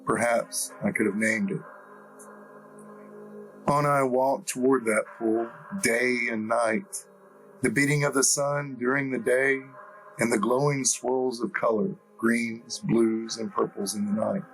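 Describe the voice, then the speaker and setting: A man reading a first-person story as an audiobook narrator, in a measured, deliberate way. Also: mid-range voice, fairly even intonation, a bit bright, soft background music, rough recording.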